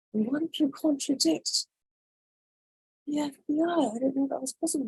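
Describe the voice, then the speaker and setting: Female host, husky and unhurried, dry close sound, chatty and incredulous news commentary. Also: on the high side, no room sound, low-quality recording. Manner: chatty, incredulous, reads headlines aloud. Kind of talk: casual news commentary livestream.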